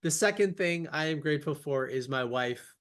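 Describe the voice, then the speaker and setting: A man's voice: a little high, expressive, normal speed, a bit bright. Upbeat podcast host man. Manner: enthusiastic, upbeat storyteller. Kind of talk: casual podcast interview. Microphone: video call.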